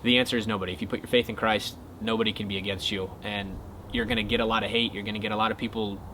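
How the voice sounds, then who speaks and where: A young man casually telling a golf story to his viewers, excitable and then earnest. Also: fairly low pitch, very fast, noisy background. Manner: excitable retelling, quieter and earnest when talking faith. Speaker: golf content creator.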